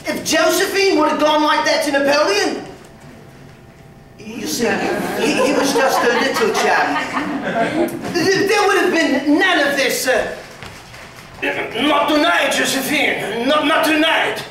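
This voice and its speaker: Brief: a man playing a brash lad, cheeky and boastful, high and bouncy voice, echoey stage heard from far off. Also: expressive, a little slow, bright, forceful tone, slight background noise, exaggerated voice. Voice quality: cheeky, boastful, lots of laughing. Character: brash young working-class London man. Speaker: stage actor. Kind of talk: live musical theatre acting. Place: theatre stage. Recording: echoey theatre stage from far off, with band music.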